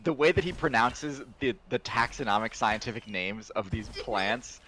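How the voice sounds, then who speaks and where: A man's voice: medium pitch, animated, moderate pace, pushed and bright, a little hiss or hum, poor audio. A man in a casual stream chat, agreeing eagerly.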